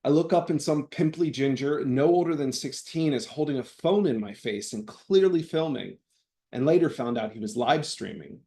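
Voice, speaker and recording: A man reading his own personal essay aloud, with wry, deadpan comic timing. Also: medium pitch, moderate pace. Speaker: writing fellow reading his work.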